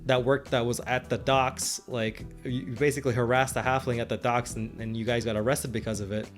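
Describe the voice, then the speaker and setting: A man's voice: medium pitch, little pitch movement, brisk, faint music behind. A man co-hosting a podcast and retelling his tabletop game sessions as game master, rambling with frequent restarts and laughs. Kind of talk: casual chat.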